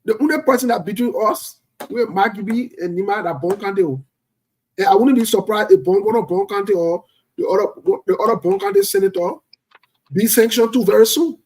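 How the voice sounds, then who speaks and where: A man calling in to a talk show, speaking forcefully and indignantly and repeating his points. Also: sits high, very animated, normal speed, breathy edge. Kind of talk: heated call-in talk.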